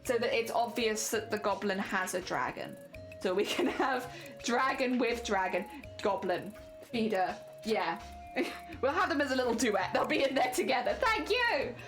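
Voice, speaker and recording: Woman streamer, high-pitched voice, chatty and self-deprecating, faint music underneath. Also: expressive, moderate pace, fairly bright tone. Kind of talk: casual live-stream chat.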